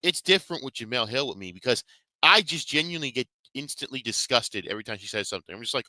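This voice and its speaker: A man's voice: medium pitch, lively intonation, fast, pushed and bright, no echo. A man streaming from a small desk at home, delivering a casual, heavily profane rant about sports and online drama. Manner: profane, ranting, heavy swearing. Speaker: streamer commentator. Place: small room at a portable desk.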